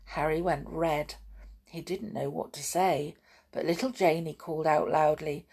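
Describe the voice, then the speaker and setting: A woman reads a children's story aloud in a gentle, expressive way. Her voice sits on the low side with a breathy, husky grain. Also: a little slow.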